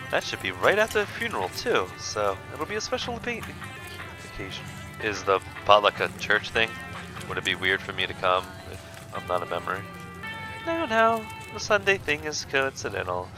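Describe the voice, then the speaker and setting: A man's voice: mid-range voice, low-quality recording. A man reading a game character's lines, a chatty and friendly small-town local who talks in a breezy, teasing way.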